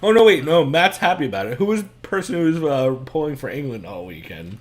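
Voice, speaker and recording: A man's voice: fairly high pitch, sing-song, fast. A man co-hosting a fight podcast in loose, profane chat, laughing often and steering the talk back on topic. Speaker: podcast co-host. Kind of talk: casual chat.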